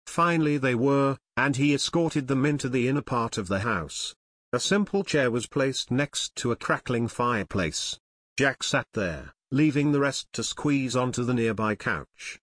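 A man narrating a children's fantasy chapter book in steady scripted narration, as author and reader. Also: mid-range voice, measured pace, dry recording, studio quality.

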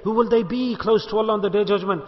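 A sheikh delivers a forceful sermon to a gathering at a Bolton mosque hall, firing off rhetorical questions and prompting the audience to respond. He speaks in a high, rapid-fire voice, and the recording is echoey, dull and lo-fi.

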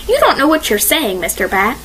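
A woman's voice: a little high, very animated, fairly quick, fairly bright tone, a little hiss or hum. A woman voicing a bold, blunt young female friend with a teasing streak. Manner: blunt, exclaiming.

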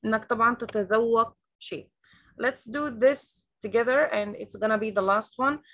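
A woman's voice: on the high side, fairly even intonation, fast talker, a bit bright. A woman with an Egyptian accent teaching an online English lesson over a video call. She repeats each new word several times and explains it in Arabic.

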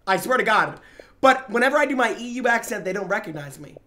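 A young man streaming a game, chattering excitedly to his chat in slangy, excitable commentary. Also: sits high, quick pace. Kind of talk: live gaming commentary.

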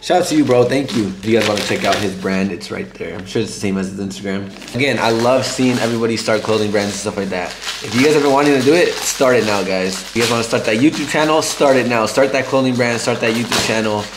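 A hoarse man chatting loosely to his vlog viewers, full of slang and calling them guys. The sound is roomy with a lot of background noise, and vehicle sounds come through. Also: on the low side, fast. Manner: laid-back, slangy, keeps saying bro and guys. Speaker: car vlogger. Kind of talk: casual vlog chat.

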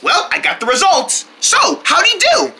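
A woman hosting a playful children's show, talking excitedly to her young viewers in a sing-song way. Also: extremely high pitch, normal speed, creaky.

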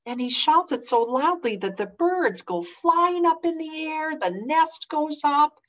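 A children's librarian reading a picture book aloud to preschoolers in an animated way, pausing to ask the kids questions. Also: female voice, sits high.

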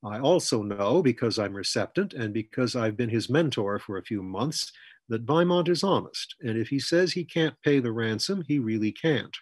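A man voicing Fletcher, a calm, firm older mentor who talks in a measured, persuasive way. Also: medium pitch, husky, no room sound.

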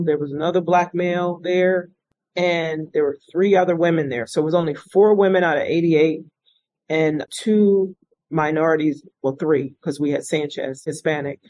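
A woman's voice: low voice, no echo, lo-fi sound. A middle-aged woman, an interview guest, telling her life story in an earnest, reflective way. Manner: earnest, reflective, animated when quoting others. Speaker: interview guest, retired state police officer. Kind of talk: conversational storytelling.

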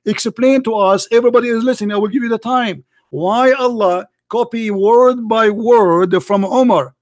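A combative man with a high voice argues hard on a livestream, cutting in and repeating himself insistently. His voice is getting worn as he talks. The sound is close and dry. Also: moderate pace, no room sound. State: losing his voice. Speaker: livestream debate host. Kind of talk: heated live call-in debate.

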